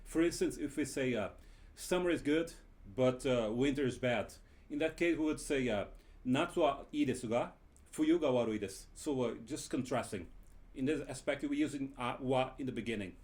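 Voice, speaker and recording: A man teaching a Japanese grammar lesson, often pausing with fillers while he explains. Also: mid-range voice, a little mellow. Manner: hesitant, many filler pauses while explaining. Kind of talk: language lesson.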